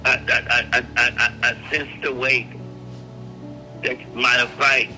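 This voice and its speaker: Fervent preacher man, very bright voice. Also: medium pitch, flat delivery, unhurried, soft background music, poor audio. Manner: fervent, repeating words and phrases; swings from hushed to shouting. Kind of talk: prophetic prayer sermon.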